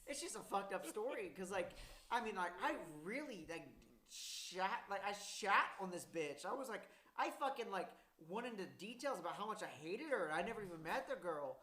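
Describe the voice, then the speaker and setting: A young man telling a story in casual chat, cursing a lot and rambling, getting louder and laughing as he gets worked up. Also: high voice, lively intonation, moderate pace, echoey room, slight background noise.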